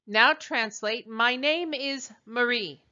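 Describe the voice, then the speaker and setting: A woman teacher walks students through a recorded translation drill, speaking slowly and deliberately. Her voice is bright and clear. The recording has a dull, lo-fi sound. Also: a little high. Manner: slow, deliberate dictation with pauses. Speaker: French teacher.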